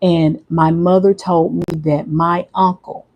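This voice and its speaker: Soft-spoken halting man with high voice. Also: flat delivery, rough recording. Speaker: livestream host. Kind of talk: emotional livestream monologue.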